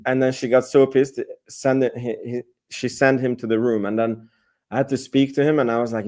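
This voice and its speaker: A man's voice: mid-range voice, little pitch movement, fairly quick, darkish tone. A man hosting a live stream, chatting loosely about selling options and answering viewer comments, with many fillers and restarts. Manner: rambling, reads and answers chat comments. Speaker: host.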